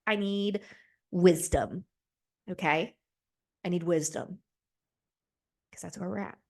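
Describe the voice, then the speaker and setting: A woman in her twenties hosts a solo podcast, talking casually and animatedly in a mid-range voice with a fairly bright tone. She rambles, uses lots of "like" and "right?", and swears freely.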